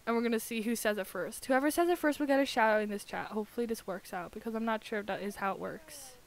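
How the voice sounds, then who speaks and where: A young woman streaming live, chatting casually and gushing excitably over another streamer. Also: on the high side, fast talker, a little hiss or hum.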